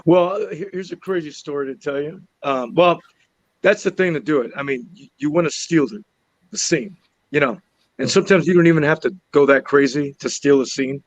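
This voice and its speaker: A man telling a story from a film set in casual chat, animated and laughing, restarting and repeating words as he goes. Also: on the high side, moderate pace, no room sound, poor audio. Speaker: actor and podcast guest.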